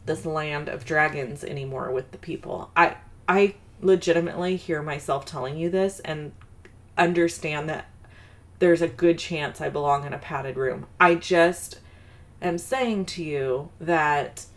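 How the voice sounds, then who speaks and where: Casual low-voiced woman host, talks through her crafting while telling family stories. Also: unhurried. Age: adult mother of a daughter. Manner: rambling and self-deprecating, with fillers and asides. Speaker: card-making video host. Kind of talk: chatty crafting tutorial with personal story.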